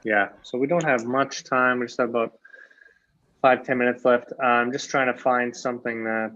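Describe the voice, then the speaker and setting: A man teaching English grammar in a relaxed, chatty way, full of fillers and restarts. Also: mid-range voice, moderate pace. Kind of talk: casual teaching chat. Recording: dull lo-fi sound.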